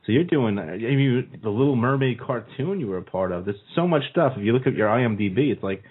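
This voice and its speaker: A man's voice: medium pitch, animated, fairly quick, husky. Laughing male host, tinny sound. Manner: enthusiastic, laughs often, crude humor. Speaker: radio show host. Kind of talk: casual radio interview.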